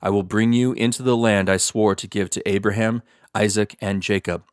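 Man reading an almighty god, measured, authoritative, low voice, dry. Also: fairly even intonation, dry recording, close to an everyday voice. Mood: solemn. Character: solemn almighty male god.

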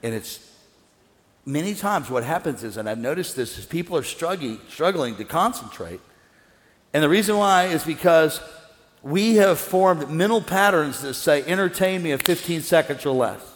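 A middle-aged male pastor preaches on a wireless mic to a live congregation, his fairly high voice trailing into a long hall reverb. He is animated, swinging from loud excitement down to hushed calm. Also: normal speed. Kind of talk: sermon. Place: large church hall with an audience. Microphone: wireless stage mic.

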